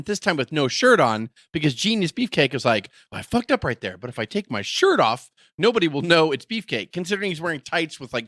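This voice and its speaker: A man chatting casually as a podcast co-host, telling an anecdote with animated energy and plenty of swearing. His voice is bright and forceful. The sound is dry and close. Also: fairly high pitch, no room sound. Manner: animated storytelling, acting out quotes, frequent profanity. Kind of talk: casual chat.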